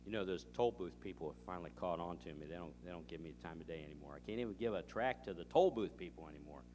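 A man preaching, telling a story with animated dialogue and reading scripture. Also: low voice, fast, slight background noise. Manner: animated storytelling, acting out both sides of a dialogue. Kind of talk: sermon with anecdotes.

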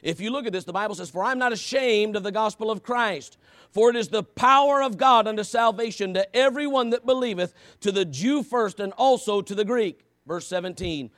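A man preaching a sermon, moving between quiet, low passages and loud, shouted emphasis, with repeated rhetorical questions. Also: fairly quick, dry recording, clean studio sound.

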